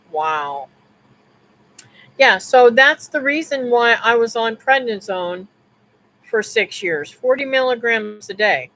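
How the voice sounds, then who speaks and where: A woman's voice: mid-range voice, fairly bright tone, low-quality recording. A woman hosting a live stream, telling a personal story in a casual, rambling way with restarts, asides to viewers and religious remarks.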